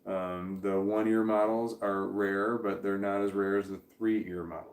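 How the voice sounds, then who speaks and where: A man's voice: sits low, fairly even intonation, a little slow. Rambling man with a roomy echo. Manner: rambling, reads viewer comments aloud and chuckles. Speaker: livestream host. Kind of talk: casual livestream chat.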